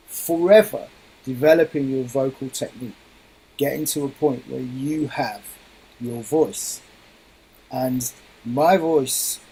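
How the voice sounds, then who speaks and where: A man's voice: medium pitch, a little mellow, slightly rough, poor audio. A middle-aged man, a guest musician, explaining his craft thoughtfully in a radio interview.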